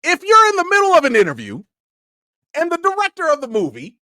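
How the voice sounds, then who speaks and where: A man from Chicago tells a story on his livestream in a slangy, excitable way, his pitch leaping up and down as he gets worked up. The sound is dry and close, with no room around it. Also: a little fast, no room sound. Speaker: film critic and channel host.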